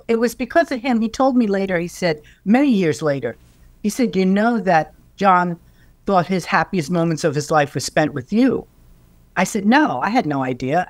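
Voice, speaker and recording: Older woman guest, chatty storyteller, middle pitch, dry close sound. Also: dry recording. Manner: animated storyteller, acting out quoted voices. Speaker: interview guest. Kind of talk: storytelling in an interview.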